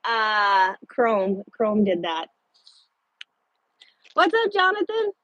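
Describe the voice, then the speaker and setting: A woman truck driver chatting casually with her livestream viewers, blunt and quick to swear. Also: medium pitch, sing-song, fairly bright tone, no echo, lo-fi sound.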